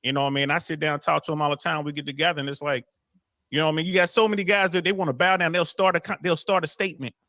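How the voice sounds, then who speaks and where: Brief: streetwise man on a panel talking fast, bright, dry close sound. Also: a little high, fairly even intonation, no echo. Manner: streetwise, full of filler phrases. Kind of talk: casual panel talk.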